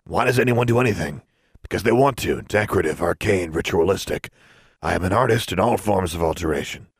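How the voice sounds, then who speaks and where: Gruff, brusque shopkeeper wizard, big and intimidating ; a male narrator puts him on, raised a little above a deep voice, dry close read. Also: brisk, no room sound. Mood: proud. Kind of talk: audiobook character voice.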